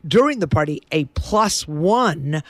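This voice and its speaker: A woman co-hosting a casual chat, playful and quick to laugh, reading out quiz questions to her friend. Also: sits low, lively intonation, dry recording. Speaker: co-host.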